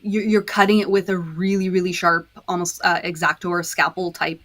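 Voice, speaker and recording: Low-voiced woman explaining her craft. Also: level tone, moderate pace, a bit bright. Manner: explains step by step, with frequent fillers. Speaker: podcast guest, disc dyer. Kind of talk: casual chat.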